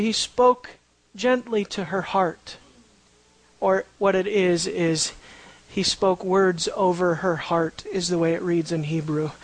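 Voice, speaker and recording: A preacher delivering an expository sermon, recorded close and dry with almost no room sound. The voice rises and drops sharply for emphasis. Key phrases come back again and again, and the listeners are pushed with questions. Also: no room sound. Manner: asks the listeners rhetorical questions; pitch and loudness swing widely for emphasis.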